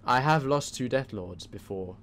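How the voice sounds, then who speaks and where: A man's voice: medium pitch, expressive, moderate pace, a bit bright. A man co-hosting a casual gaming chat, reasoning his choices out aloud. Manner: musing, reasons things out aloud. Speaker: co-host.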